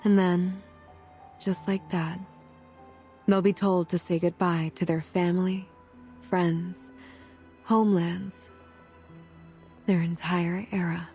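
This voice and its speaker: An actress voicing a calm, pensive young woman in game voice acting, speaking in a slow, measured, reflective way. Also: lowish voice, faint music behind.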